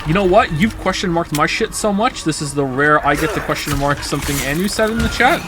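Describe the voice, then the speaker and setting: A young man streaming a game, chatting casually and rambling, swearing freely and jumping into high, indignant outbursts. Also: expressive, a little fast, background noise. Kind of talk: casual live-stream chat while gaming.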